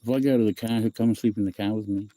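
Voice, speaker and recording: A middle-aged man with a New Zealand accent talks very fast in a warm, lowish voice with fairly even intonation, over slight background noise. Hosting a loose phone livestream, he reads out viewers' comments, rambles, repeats himself and keeps saying "bro" and "eh."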